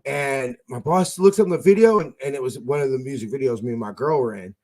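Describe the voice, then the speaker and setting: A man's voice: medium pitch, fairly quick, warm tone. A man hosting a casual fan podcast over an internet call, telling rambling stories full of fillers and restarts. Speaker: podcast host.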